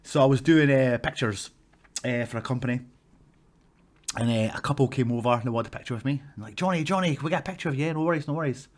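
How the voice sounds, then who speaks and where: A man's voice: medium pitch, fast. A Scottish man, a wrestler, telling stories to camera in a casual vlog, swearing freely and acting out the people in them. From Scotland.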